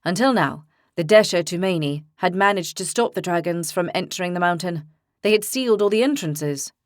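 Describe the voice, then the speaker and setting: A woman narrator voicing a calm, steady young male leader who explains things in a measured way. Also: fairly low pitch, no room sound, clean studio sound, close to an everyday voice. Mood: explaining.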